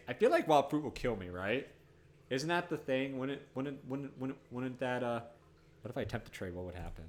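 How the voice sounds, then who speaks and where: A man streaming and commenting on an old computer game, rambling and swearing, often bursting into loud excited outbursts. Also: medium pitch. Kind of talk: live-streamed gameplay commentary.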